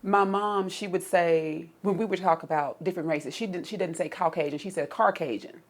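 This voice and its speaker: A woman's voice: fairly low pitch, fairly even intonation, fairly quick. A woman with an Arkansas Southern accent, telling family anecdotes and laughing often. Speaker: interviewee.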